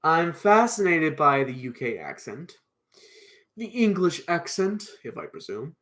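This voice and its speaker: Slow, bright male storyteller with a strained throat. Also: on the high side, big pitch swings. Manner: halting, with restarts and pauses. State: strained throat, clearing it often. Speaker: storyteller and live streamer. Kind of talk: reading a children's book aloud on a live stream.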